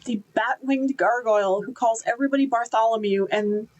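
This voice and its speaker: A woman's voice: a little high, moderate pace, a little mellow, dull audio. A woman giving an enthusiastic, chatty book review, with casual fillers and restarts.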